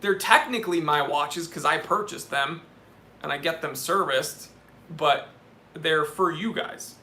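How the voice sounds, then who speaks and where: A man's voice: a little high, unhurried, bright, forceful tone, reverberant. A young man hosting a casual live stream, answering chat questions in a chummy, laid-back way and calling people "dude". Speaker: watch channel host answering live chat.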